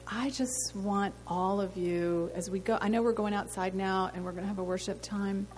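A woman's voice: mid-range voice, moderate pace, hardly any pauses, darkish tone. A woman giving an earnest sermon testimony to a women's gathering, telling a story and asking rhetorical questions. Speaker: women's ministry speaker. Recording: long hall reverb, faint noise.

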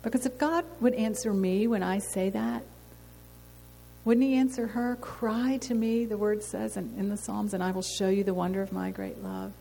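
Woman speaker, earnest storytelling sermon voice, slight fry, reverberant hall with faint noise. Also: medium pitch, steady tone, moderate pace, mellow. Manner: earnest, storytelling, rhetorical questions. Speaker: women's ministry speaker. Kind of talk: sermon testimony.

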